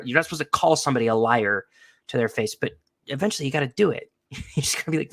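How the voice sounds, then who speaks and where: A young man co-hosting a casual podcast speaks fast in a voice on the high side. He rants through animated stories, acting out the people he quotes.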